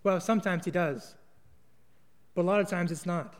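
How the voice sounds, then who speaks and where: High-voiced young man preaching in a hall. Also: normal speed. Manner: casual, earnest, with small restarts. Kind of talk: sermon with storytelling.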